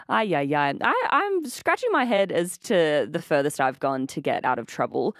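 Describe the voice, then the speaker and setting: A woman's voice: mid-range voice, very animated, normal speed, no room sound. An Australian woman hosting breakfast radio from a studio, chatty and playful, laughing easily as she talks. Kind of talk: casual radio chat. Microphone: studio microphone.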